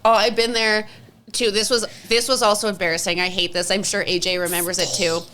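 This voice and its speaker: A young adult woman co-hosting a podcast, telling animated stories in casual chat and swearing freely. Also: medium pitch, a little fast, a little hiss or hum. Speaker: podcast co-host.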